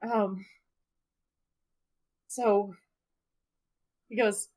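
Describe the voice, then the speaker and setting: A woman's voice: mid-range voice, moderate pace, long pauses. A woman playing a tabletop game casually, describing her actions and laughing often. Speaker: player.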